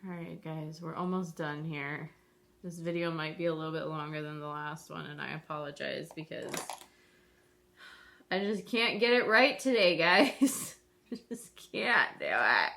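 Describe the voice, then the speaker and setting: A woman's voice: deep voice, unhurried, creaky, sharp tone. A woman vlogger chatting casually to viewers while doing her makeup, rambling and self-deprecating.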